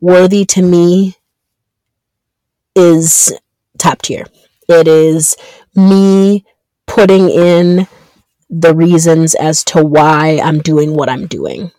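A woman in her thirties hosting her own podcast, talking earnestly and haltingly with many ums and restarts. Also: low voice, warm tone, dry recording. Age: 30s. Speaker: podcast host. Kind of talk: reflective solo podcast monologue.

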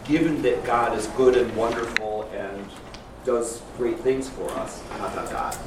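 A man's voice: mid-range voice, fairly even intonation, a little slow. Class member, man, heard from across an echoey, noisy room. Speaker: class participant. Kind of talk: comment in discussion. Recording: distant, roomy, noisy.

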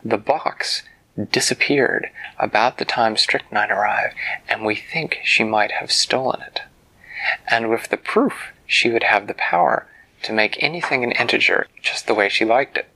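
A man voicing a group of worried, fussy fairy rulers in a bedtime story, with a gravelly voice. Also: on the low side, measured pace, bright, forceful tone, exaggerated voice, poor audio. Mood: fretful.

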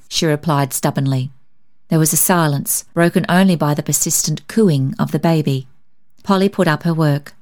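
A woman narrating a story in a calm, measured way. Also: low-pitched. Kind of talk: scripted narration.

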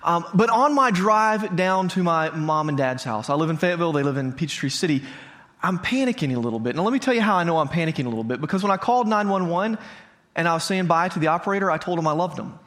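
A man's voice: a little high, animated, fast, a bit bright. A man in his thirties, a pastor, preaching to a congregation in a conversational way, telling a personal story and asking the audience questions. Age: 30s. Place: church hall before a congregation.

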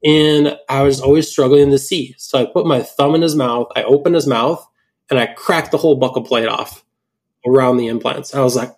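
A man casually telling a story about a surgical mistake, animated and quoting his own reactions. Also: mid-range voice, normal speed, slightly rough. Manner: animated storytelling with quoted inner voice, swearing. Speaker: implant dentist telling a case story. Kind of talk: casual podcast chat.

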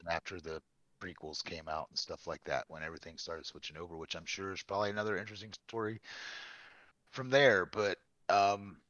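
Low-voiced man chatting casually. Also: steady tone, a little fast, a bit bright, no echo, muffled recording. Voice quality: swears a lot, rambling. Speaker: podcast co-host. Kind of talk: casual chat.

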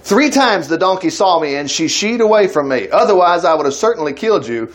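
A man's voice: high-pitched, expressive, a little fast. A man reading aloud the lines of a stern male angel who blocks a traveler's path. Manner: plain reading-aloud delivery.

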